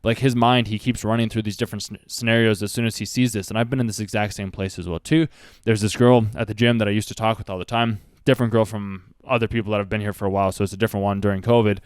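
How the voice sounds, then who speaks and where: A man's voice: fairly low pitch, steady tone, fast, clear, resonant tone, dry recording, clean studio sound. A man casually commenting on an anime and giving earnest life advice, rambling with lots of fillers. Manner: rambling, earnest, heavy use of "like". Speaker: anime reaction host.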